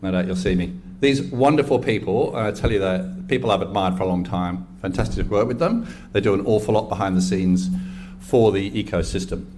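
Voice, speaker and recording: Chatty older Englishman with a low voice. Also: brisk, noisy background. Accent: English, West Country. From England. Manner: chatty, self-deprecating, enthusiastic. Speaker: ecosystem engagement lead giving a talk. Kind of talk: live presentation to an audience. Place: event room with an audience.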